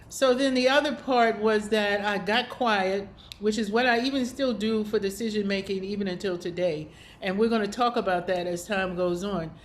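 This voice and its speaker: A woman's voice: a little high, slight background noise. A woman hosting a spiritual video series, telling a personal story in a casual, reflective way with many fillers and small laughs.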